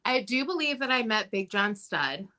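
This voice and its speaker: A middle-aged woman from Minnesota with a Minnesota accent, chatting as a guest and telling stories in an animated way. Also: medium pitch, normal speed. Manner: animated storyteller who laughs often and acts out quotes. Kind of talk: casual chat.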